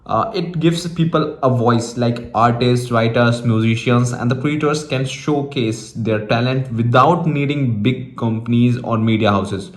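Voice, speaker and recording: A man hosting an English practice discussion, talking in a halting way with frequent pauses. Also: mid-range voice, reverberant. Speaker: host.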